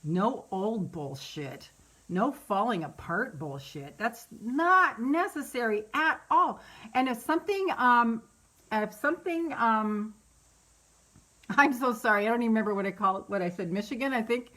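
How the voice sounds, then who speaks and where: A woman's voice: on the high side, animated, a little slow, a bit bright. A middle-aged woman hosting a casual live stream, candid and rambling, who laughs often and swears freely. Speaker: meditation host on a live stream.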